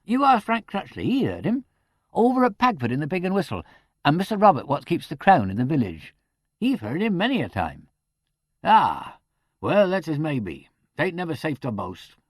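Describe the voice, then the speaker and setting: A man's voice: on the high side, huge pitch swings, normal speed, no echo, studio quality. A man reading an audiobook, voicing a middle-aged country police superintendent with a broad rural dialect who likes quoting poetry. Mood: ponderous. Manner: broad rural dialect, ponderous and fond of quotations.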